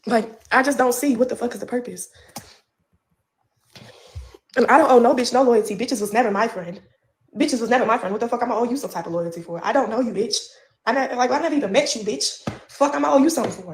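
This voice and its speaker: A woman's voice: a little high, gravelly. A pregnant woman ranting on a livestream from home, profane and confrontational with a drawling delivery.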